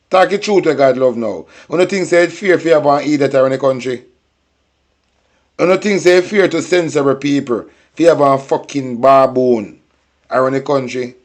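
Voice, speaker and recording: A man with a Jamaican accent hosting a political commentary show, ranting in heated, profane patois-laced talk. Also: mid-range voice.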